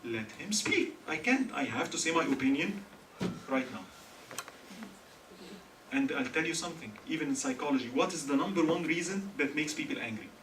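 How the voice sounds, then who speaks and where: A man's voice: a little high, lively intonation, moderate pace. A man from Egypt giving a humorous religious talk to a live audience, joking and quizzing listeners with questions. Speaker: speaker at a student religious gathering. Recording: echoey hall, mic far off, faint hiss.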